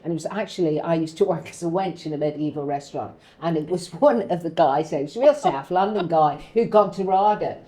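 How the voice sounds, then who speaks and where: A middle-aged woman co-hosting a relaxed chat show. She speaks in a slightly low voice, telling candid, swearing stories and acting out the people she quotes along the way. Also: fairly quick, few pauses. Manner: candid, swearing storyteller who acts out quotes. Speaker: co-host. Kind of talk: casual chat.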